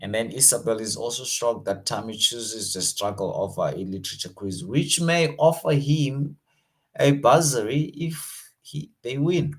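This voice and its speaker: A man's voice: mid-range voice, measured pace. A South African man teaching an online exam revision lesson, casual and slangy, switching between languages.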